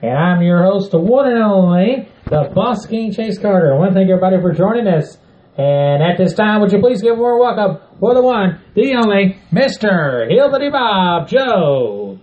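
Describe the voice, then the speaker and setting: A man's voice: high-pitched, lively intonation, moderate pace, reverberant, muffled recording. A man hosting a wrestling news podcast, opening with announcer-style introductions and reading news items. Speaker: podcast host. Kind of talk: casual wrestling news chat.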